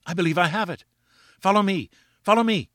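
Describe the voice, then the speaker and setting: A man's voice: mid-range voice, animated, a little fast, bright, forceful tone, dry recording, clean studio sound. A man voicing an earnest young adventurer who cries out his ideas eagerly.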